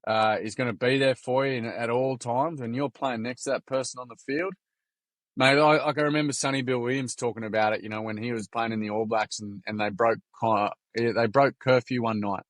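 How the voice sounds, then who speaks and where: With a medium-pitched, steady voice and a slightly fast pace, a Gold Coast man in his forties shares candid stories as a podcast guest. His Australian speech is blunt and casual, peppered with swear words and heavy on "mate" and "like," and there's no echo.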